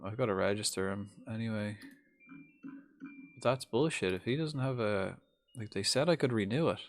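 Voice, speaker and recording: A young man with a fairly low voice, talking casually through a live game stream. He mutters half-finished thoughts, swears when things go wrong and chats back to his viewers.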